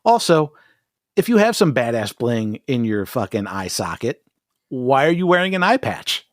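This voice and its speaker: A man's voice: medium pitch, very animated, moderate pace, no echo, clean studio sound. A man co-hosting a podcast, recapping an episode in casual, profane chat, laughing often and mimicking characters. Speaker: podcast co-host.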